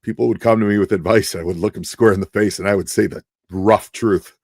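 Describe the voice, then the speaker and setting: A man's voice: lowish voice, steady tone, brisk, a little mellow, husky, no room sound, studio quality. A man co-hosting a casual podcast, telling a story with lots of energy and acting out the other people's voices. He sounds worn out and short of breath. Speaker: podcast co-host.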